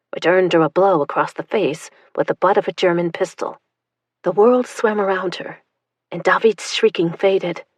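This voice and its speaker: A woman narrating an audiobook in a tense, hushed storytelling manner. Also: mid-range voice, no room sound.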